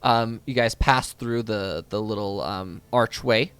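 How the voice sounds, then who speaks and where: A man's voice: fairly low pitch, measured pace, a bit bright, smooth. A man narrating as game master of a tabletop game, rambling along with many fillers.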